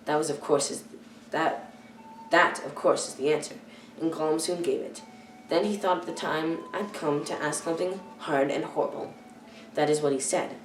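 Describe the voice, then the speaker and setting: A teenage girl reading a children's novel aloud, careful and halting, often stumbling and correcting herself. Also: sits low, steady tone, music in the background. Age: teens. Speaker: youth reader. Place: church hall. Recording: echoey room, far from the mic.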